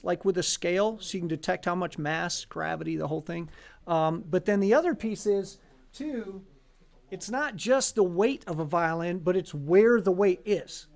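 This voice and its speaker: A man with a high, light voice hosts a casual live stream for a violin shop. He talks in a loose, joking way, with plenty of ums and likes. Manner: chatty, joking, lots of fillers.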